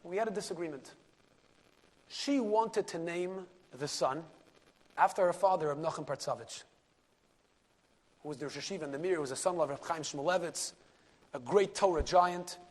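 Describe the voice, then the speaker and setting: Animated man telling a story in a lecture. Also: on the high side, moderate pace, long pauses. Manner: animated storyteller, sprinkles Yiddish and Hebrew words, drops to a hush for key moments. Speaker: rabbi and lecturer. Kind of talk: storytelling Torah class.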